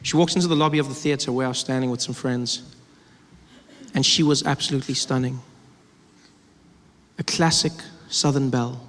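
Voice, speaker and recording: A man telling a stand-up story in an animated way, breaking into shouts, recorded live on stage. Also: mid-range voice, brisk, pauses often. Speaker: stand-up comedian. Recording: roomy hall, loud crowd noise.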